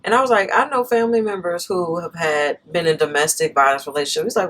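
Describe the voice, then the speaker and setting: A young woman telling a relationship story on a couple's chat show. Her voice sits low but swings widely in pitch. She laughs often and talks back sharply when her partner cuts in. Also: lively intonation, fast talker, hardly any pauses, fairly bright tone. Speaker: podcast co-host.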